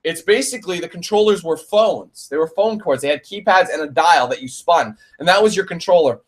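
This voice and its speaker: A young man answers viewer questions in a loose, rambling live Q&A. He laughs often and drops casual swearing. His speaking voice sits somewhat high for a man. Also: lively intonation, brisk. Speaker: let's play channel host.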